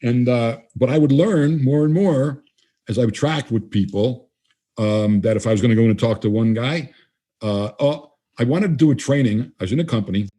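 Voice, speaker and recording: A man's voice: medium pitch, normal speed, warm tone. An older man, a guest trainer, talking casually in an interview and acting out the dialogue he quotes in his stories. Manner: conversational, acts out quoted dialogue.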